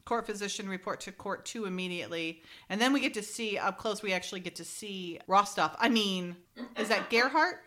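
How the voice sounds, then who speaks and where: A woman co-hosting a casual chat, animated, often laughing and acting out dialogue. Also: mid-range voice, fairly quick. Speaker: podcast co-host recapping an episode.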